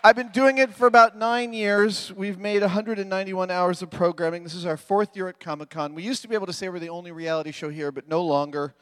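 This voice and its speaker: A man's voice: high voice, steady tone. Joking man on a reverberant stage. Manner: playful, joking, quick bursts. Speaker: stage guest speaking at a fan convention. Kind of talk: live stage storytelling to an audience. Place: large stage hall, live audience. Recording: reverberant live hall.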